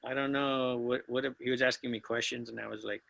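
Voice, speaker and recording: A man's voice: mid-range voice, steady tone, fast talker, gravelly, fairly bright tone, rough recording. A man, a real estate student, telling his story as an interview guest in a hesitant, modest way with frequent restarts. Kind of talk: casual interview chat.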